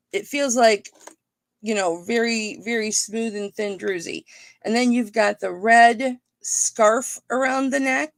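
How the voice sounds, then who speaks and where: A woman host of a live-stream auction with a gravelly, slightly high voice, taking her time as she chats playfully to viewers. The sound is close and dry, with no room around it. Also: no room sound. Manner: chatty and playful, thinks out loud, greets viewers by name.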